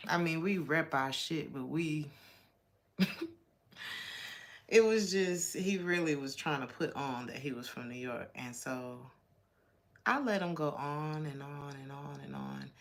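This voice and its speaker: An American woman from Georgia gives a casual tarot reading with a low, gravelly voice. She talks in a chatty, blunt, slangy way and laughs often between thoughts. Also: slow pace, long pauses. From Georgia, USA. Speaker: tarot reader.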